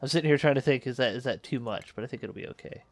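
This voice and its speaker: Rapid-fire and medium-pitched, this man narrates his space colony game casually in a let's play, musing out loud and catching his own mistakes as he goes.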